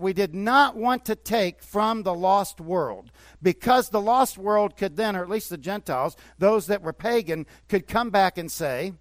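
A man preaching to his congregation. His voice sits a little high, swelling into emphatic bursts and dropping into quieter asides. The sound is dry and close, with no room echo. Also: unhurried, few pauses. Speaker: pastor. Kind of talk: sermon.

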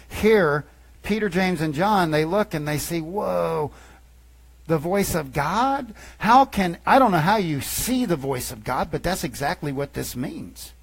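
Male pastor, sermon delivery, unhurried and emphatic, quotes scripture, drifts off mic at times. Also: a little high, slightly rough, poor audio. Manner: emphatic preaching with quoted scripture, swinging between loud and hushed.

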